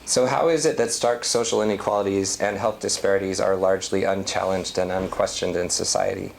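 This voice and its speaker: A man giving an academic lecture, reading a prepared talk at a measured pace. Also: low-pitched, steady tone, gravelly, a little hiss or hum. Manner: reads prepared text, measured.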